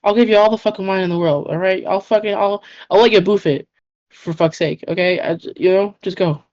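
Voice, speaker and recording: A woman plays an overworked goddess ruling the underworld, buried in paperwork and short on patience. She barks orders and swears in exasperation in a low voice. The audio is dull and muffled. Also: moderate pace, darkish tone, no echo. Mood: exasperated. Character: frazzled goddess Persephone, overworked queen of the underworld, short-tempered.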